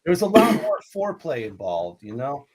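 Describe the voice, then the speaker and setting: A man hosting a casual hip hop radio show, relaxed and encouraging as he asks his guest questions. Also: a little high, moderate pace, crowd noise. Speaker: radio host.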